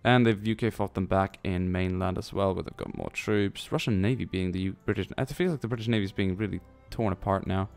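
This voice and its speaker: A man's voice: deep voice, brisk, gravelly, few pauses, darkish tone, soft background music. A man giving casual, rambling commentary over a strategy game, thinking aloud and tossing in jokey asides. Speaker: let's play commentator.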